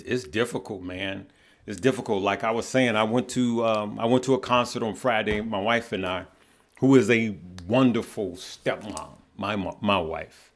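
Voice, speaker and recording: A middle-aged man hosting a livestream, talking earnestly and haltingly, often repeating words and answering viewers by name. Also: lowish voice, a bit bright. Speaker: livestream host. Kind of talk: casual heartfelt livestream talk.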